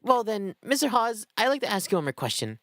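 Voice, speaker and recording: A man voicing a sharp young detective who interrogates a suspect with insistent, accusing questions, reading game dialogue aloud. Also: sits high, big pitch swings, fairly quick, dry recording, heavily acted. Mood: probing.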